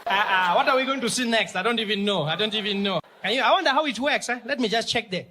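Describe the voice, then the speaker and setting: An older man full of wide-eyed wonder, exclaiming over moving stairs as if they were the future, as a man puts him on. His voice rides high with delight. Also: fast talker, sharp tone, a little hiss or hum. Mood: awestruck. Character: older man marveling at escalators as new technology.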